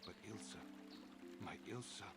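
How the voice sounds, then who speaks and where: An actor playing a bitter, grieving middle-aged farmer in a video game, pleading for help. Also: male voice, on the low side, moderate pace, loud music behind the voice, natural voice. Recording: game audio with background noise.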